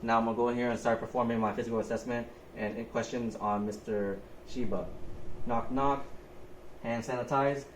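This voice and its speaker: A man's voice: medium pitch, steady tone, moderate pace. A young adult man, a nurse, talking through a physical assessment step by step in a methodical way. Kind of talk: narrated skills demonstration. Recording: echoey room, faint background noise.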